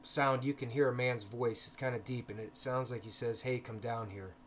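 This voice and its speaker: A man of ordinary pitch talks in a low-key, hesitant way, pausing often with ums as he hosts a casual livestream. A faint hiss of background noise sits under his voice from a home computer mic. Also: steady tone. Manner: soft-spoken, hesitant with many ums. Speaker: paranormal livestream host.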